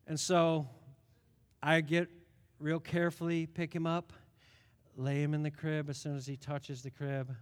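High-voiced preacher in a reverberant hall. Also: male voice, unhurried, pauses often. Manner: animated storytelling, swings loud and soft. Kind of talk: sermon.

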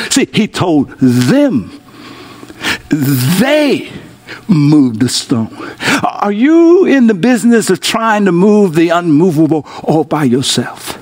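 Husky-voiced pastor preaching with fervor. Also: male voice, very animated, takes it slowly, a little mellow. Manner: preaching with call-and-response to an online audience; swings from soaring exclamations to low intimate tones. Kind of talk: sermon.

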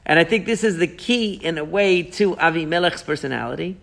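A man leads a lively Torah study, animated and questioning as he walks his students through the text. His voice sits high and carries a gravelly rasp. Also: fairly quick. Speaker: Torah teacher. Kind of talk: Torah class discussion.

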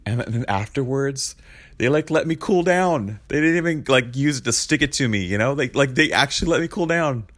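A man's voice: mid-range voice, expressive, normal speed, fairly bright tone. A man in his thirties preaching a sermon in a loose, confessional way, full of "like" and "man", who speaks as a pastor. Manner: conversational and confessional, lots of fillers like "like" and "man".

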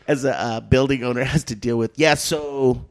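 A man's voice: mid-range voice, moderate pace. A man hosting a casual podcast, telling a story with lots of laughter and swearing. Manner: animated, laughs often, swears freely.

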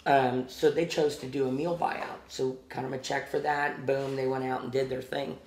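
A man with a Midwestern American accent, a podcast guest telling a backstage story in a casual, animated way and acting out the quotes. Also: medium pitch, moderate pace, roomy sound. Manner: animated anecdote teller who acts out quotes. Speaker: guest, former music venue promoter.

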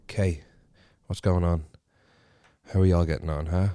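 A man's voice: rumbling low, steady tone, normal speed, warm tone, no echo, studio quality. An Irish man ranting in a sweary, sarcastic, rambling monologue to his viewers. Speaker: vlogger.

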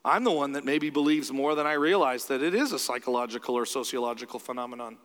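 A man's voice: mid-range voice, fast, a bit bright, long reverb tail. A man preaching a sermon in a loose, conversational way, acting out the voices he quotes.

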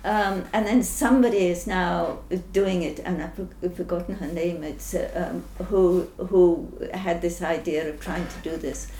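An older woman scientist answering interview questions thoughtfully, pausing often with ums and restarting sentences. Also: on the low side, steady tone, warm tone. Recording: roomy echo, faint background noise.

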